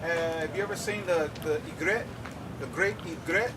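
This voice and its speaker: A man with a fairly high voice leads a drumming lesson, explaining each idea to the crowd and checking in with a quick "okay?" The mic sits well away from him. Outdoor noise stays clearly present behind him. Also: far from the mic. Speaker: drum instructor. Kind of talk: lecture-demonstration. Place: outdoor campus event.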